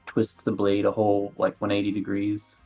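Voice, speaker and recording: A man's voice: on the low side, monotone, moderate pace, lo-fi sound, music in the background. A man playing in a tabletop game, describing his character's moves hesitantly and filling gaps with "like.". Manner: hesitant, hedges with many likes. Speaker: player. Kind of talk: casual tabletop play.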